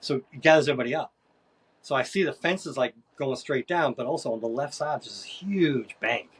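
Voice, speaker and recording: A man as a podcast guest, telling a story in a casual, animated way and acting out other people's voices. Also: mid-range voice, a little fast, slightly rough. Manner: animated, acts out voices in his stories.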